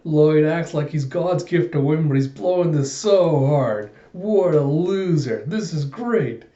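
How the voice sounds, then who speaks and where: A man's voice: on the high side, expressive, measured pace, mellow, reverberant, dull audio. A man voicing a sarcastic, scruffy grown man while reading a manga aloud. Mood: snarky. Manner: snarky, sarcastic.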